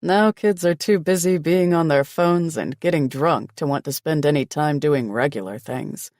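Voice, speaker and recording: A man voicing a rugged young male lover in a romance audiobook, talking in a low gravelly murmur. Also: moderate pace, a little mellow, dry recording, studio quality, natural voice. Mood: amused.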